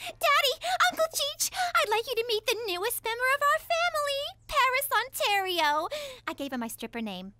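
A shrill spoiled teen daughter. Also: female voice, very animated, moderate pace, pushed and bright, dry recording, soft background music, full character voice. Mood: whiny. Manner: whiny, melodramatic, mood flips. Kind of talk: adult cartoon voice acting.

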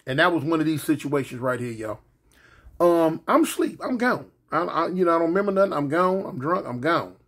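A man's voice: a little high, big pitch swings, brisk, fairly bright tone, slightly rough. A man telling a comedic story casually, drawling and repeating lines for effect as he talks straight to his listeners.

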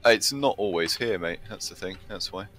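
A man's voice: deep voice, expressive, normal speed, fairly bright tone. A man chatting casually and easygoing during co-op gameplay. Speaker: gamer.

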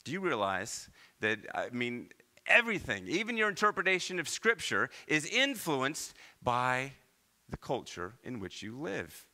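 A man from Iowa preaching a sermon as pastor, with animated delivery and many rhetorical questions. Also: medium pitch, a little slow. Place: church.

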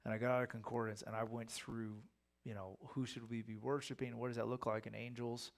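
Male pastor, mid-pitched and gravelly, chatty sermon delivery with acted-out quotes. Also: little pitch movement, fairly quick. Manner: conversational, acts out quoted voices. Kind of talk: sermon Bible teaching.

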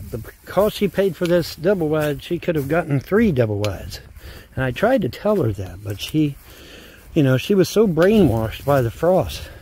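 A man's voice: on the high side, a little mellow, slight background noise. A man rambling casually while filming himself outdoors by a mobile home. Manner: rambling, talks baby talk to dogs. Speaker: vlogger filmed by commentator. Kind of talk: casual self-filmed vlog.

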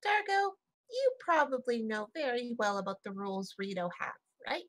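A woman's voice: fairly high pitch, sing-song, moderate pace, a little hiss or hum. A woman voicing a young female bird-folk adventurer who stammers and hedges nervously in a tabletop game. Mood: evasive. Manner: stammering, hesitant, nervous laughs. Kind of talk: role-playing a character in a tabletop game.

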